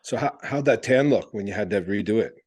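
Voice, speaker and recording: A man's voice: lowish voice, animated, brisk, a little mellow, husky, no room sound. A man hosting a casual podcast chat, reacting with short remarks and questions.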